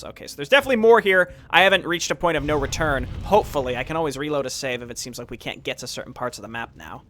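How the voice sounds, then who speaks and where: A man giving casual gameplay commentary, thinking aloud about where to go next. His voice sits a little high and sounds bright and forceful. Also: animated, racing, few pauses, a little hiss or hum. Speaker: game streamer.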